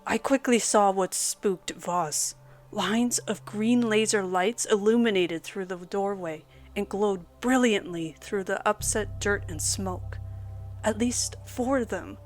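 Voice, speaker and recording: A woman reading a scripted horror story aloud as its narrator, in a steady storytelling delivery. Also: mid-range voice, takes it slowly, faint music behind.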